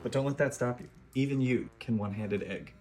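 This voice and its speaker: A man of middle pitch talks through a recipe in his own home kitchen, like a casual cooking show host. He keeps up a steady stream of dry, self-mocking asides while he works. Faint music sits quietly behind him. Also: brisk. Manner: wry, self-deprecating, joking asides. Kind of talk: casual cooking vlog narration.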